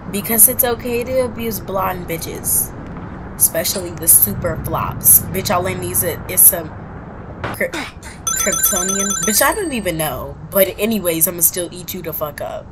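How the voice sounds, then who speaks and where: A woman's voice: lowish voice, noisy background. Brash, foul-mouthed woman gaming. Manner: brash trash-talking, profane and dramatic. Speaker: gaming video creator. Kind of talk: gameplay commentary.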